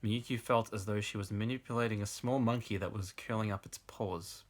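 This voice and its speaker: A man's voice: on the low side, steady tone, brisk. A young man reads bad fan fiction aloud for laughs, often breaking into laughter and chatting casually between passages. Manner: laughs through the reading, casual asides. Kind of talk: comic dramatic reading with asides.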